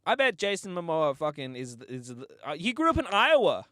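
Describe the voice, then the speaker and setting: A man's voice: high-pitched, wildly swooping pitch, moderate pace, sharp tone. A man hosting a podcast, telling comic stories in a rambling, profane way and often breaking into laughter. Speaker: podcast host. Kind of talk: casual comedic storytelling.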